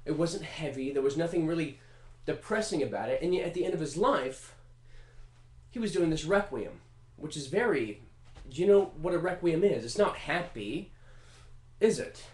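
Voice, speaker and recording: A man riffing in a casual comedic monologue, animated and profane, rambling with fillers. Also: on the high side, moderate pace, pauses often. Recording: roomy echo.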